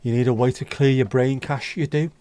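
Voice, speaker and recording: Brisk and mellow, with a steady mid-range voice, this man runs a livestream and talks bluntly with his audience's live chat. He's from North West England, chatty, and swears casually.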